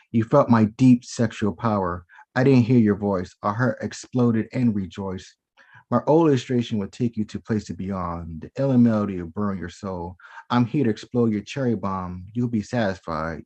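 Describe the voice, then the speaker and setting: Man reading spoken-word poetry dramatically. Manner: rhythmic, dramatic delivery that drops lower and softer for sensual verse. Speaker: performing poet. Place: at home. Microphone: video call.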